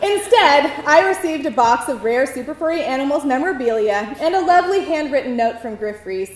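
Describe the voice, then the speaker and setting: Woman, live stage storytelling, wry and self-mocking, high voice, roomy echo. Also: lively intonation, a little fast. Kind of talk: live personal storytelling performance. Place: theater stage before an audience. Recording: roomy venue echo, faint noise.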